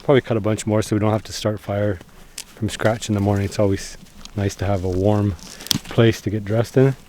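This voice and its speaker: A man chats loosely to his camera while camping in the snowy woods. His voice sits a little low, and faint outdoor noise is heard behind him. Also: fairly quick. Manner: relaxed, chatty, rambling. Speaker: vlogger. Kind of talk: casual outdoor vlog narration. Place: winter woods and canvas tent.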